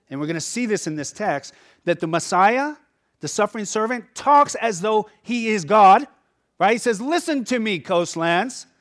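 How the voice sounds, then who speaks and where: A man with a high, slightly bright voice preaches a sermon as pastor. His style is conversational yet emphatic, and he often checks in with his listeners.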